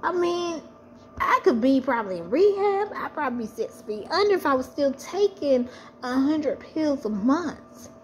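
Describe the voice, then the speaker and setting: A woman's voice: high voice, sing-song, normal speed, a little hiss or hum. A woman sharing a personal faith testimony, speaking earnestly and repeating phrases for emphasis.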